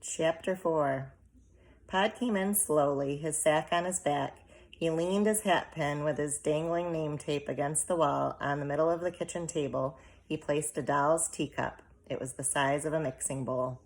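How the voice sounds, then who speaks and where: A woman reading a children's novel aloud, in steady, measured narration. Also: deep voice. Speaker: audiobook reader. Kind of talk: storybook narration.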